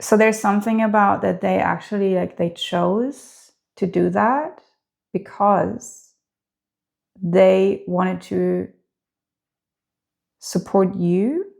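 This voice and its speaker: A woman giving a spoken tarot reading in a gentle, heartfelt way, hesitant and full of filler words. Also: medium pitch, slow pace, gravelly, pauses often. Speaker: tarot reader.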